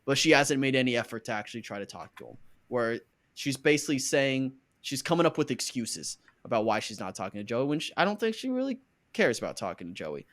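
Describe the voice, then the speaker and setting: A man hosting a podcast in casual chat, joking and rambling with fillers. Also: medium pitch. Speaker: podcast host.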